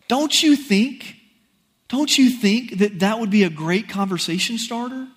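A man preaching a sermon, telling a personal story in an animated, folksy, conversational way. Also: sits high, measured pace, breathy edge.

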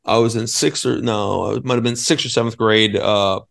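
A man's voice: on the low side, steady tone, moderate pace, creaky, a bit bright. A man in his thirties from Maine, an assistant basketball coach telling an eager, rambling story on a podcast. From Maine, USA. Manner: eager, rambling, many restarts.

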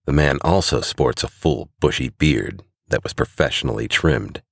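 Male storyteller with a very deep voice, even and deliberate narration, dry close recording. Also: breathy edge, no echo. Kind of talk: scripted narration.

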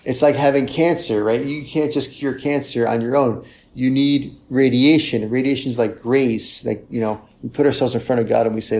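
A man preaching a sermon in a conversational way, often checking in with "right?" and acting out confessions in a softer voice. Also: mid-range voice, fairly even intonation, normal speed, few pauses.

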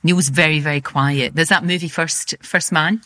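A woman's voice: low-pitched, moderate pace. A woman in her sixties, a TV presenter, telling stories in casual chat and acting out what people said. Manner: animated storyteller, acts out quotes. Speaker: TV presenter and guest. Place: health retreat.

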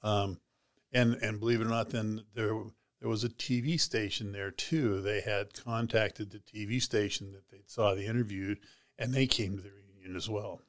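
A man's voice: on the low side, fairly even intonation, moderate pace. A man, a heart transplant recipient, casually retelling a personal story in an interview, rambling with many "you know"s and "she goes".

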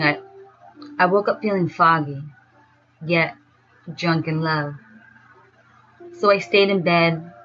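Woman, story narrator, slow and dreamy, somewhat low voice, muffled lo-fi sound. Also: fairly bright tone. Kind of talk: first-person story narration. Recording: dull lo-fi sound with faint music.

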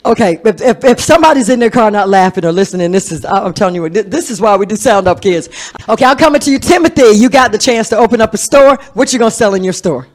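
A woman's voice: medium pitch, lively intonation, fast talker, darkish tone. A woman hosting a radio show with kids, playful and teasing, laughing often.

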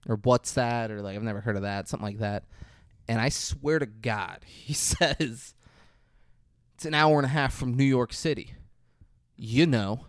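A man's voice: mid-range voice, moderate pace, dry recording, studio quality. A man co-hosting a podcast, retelling movie scenes in a loose, profane way and acting out the lines. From Florida. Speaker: podcast co-host. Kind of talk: casual movie recap chat.

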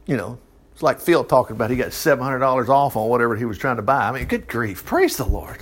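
Chatty man reading Bible with lively asides. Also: medium pitch, fast talker. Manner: chatty, exclaims often, laughs and loses his place. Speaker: Bible teacher. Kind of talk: informal Bible reading with commentary.

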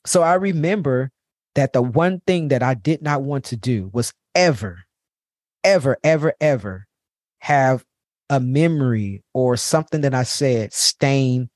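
A man's voice: medium pitch, animated, unhurried, a little mellow, no echo, studio quality. A man hosting his own podcast, telling a personal story in a candid, heartfelt way and repeating words for emphasis. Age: adult parent. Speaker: podcast host.

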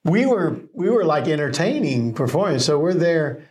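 Guy with a higher voice, laid-back bible chat, tells stories and laughs easy. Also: normal speed. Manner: relaxed storytelling with laughs. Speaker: co-host of a Bible study podcast. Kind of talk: casual Bible discussion.

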